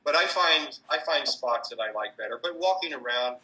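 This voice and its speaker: A man's voice: fairly high pitch, lively intonation, normal speed, pushed and bright, slightly rough, rough recording. A man answering interview questions about his street performing, hesitant, with many fillers and restarts. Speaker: street performer in mobster costume.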